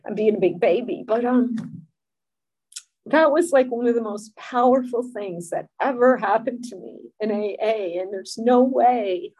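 A middle-aged woman giving a personal recovery testimony, speaking in an earnest, emotional, halting way. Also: a little high, a little mellow.

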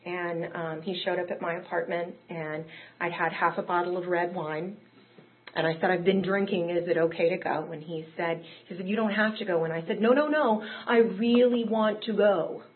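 A woman's voice: on the low side, steady tone, fairly quick. A woman telling her own recovery story in a candid, conversational way that rises into emotional peaks. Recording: tinny phone-like audio.

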